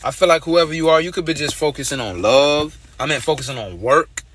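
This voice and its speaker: A man's voice: fairly high pitch, brisk, fairly bright tone, slight background noise. Blunt streetwise man reading tarot. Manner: loose, conversational, repeats phrases. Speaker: tarot reader.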